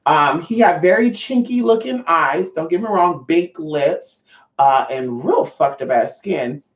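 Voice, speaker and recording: A woman's voice: deep voice, animated, a little slow. Woman, livestream host, brassy and profane, says honey a lot, roomy echo, muffled lo-fi sound. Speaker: livestream host reading chat. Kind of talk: casual livestream chat. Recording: roomy, distant, dull lo-fi mic.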